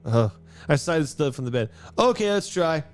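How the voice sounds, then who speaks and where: A man's voice: on the high side, very animated, normal speed, faint music behind. A man casually reading a visual novel aloud and chatting during a let's play. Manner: reads narration and chats with laughs.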